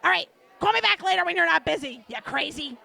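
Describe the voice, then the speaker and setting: A woman imitating a brash, crude, teasing woman friend on the phone, loud and foul-mouthed. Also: very high-pitched, expressive, quick pace, gravelly, pitched above the performer's own voice, heavily acted. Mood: scolding.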